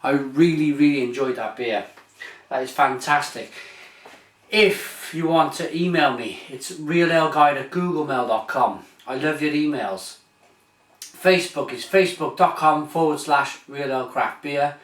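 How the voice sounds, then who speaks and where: A man's voice: a little high, unhurried, fairly bright tone. A British man hosting a casual beer review vlog, talking with enthusiasm, rambling and restarting his sentences often. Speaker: beer reviewer, channel host. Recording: echoey room, mic at a distance.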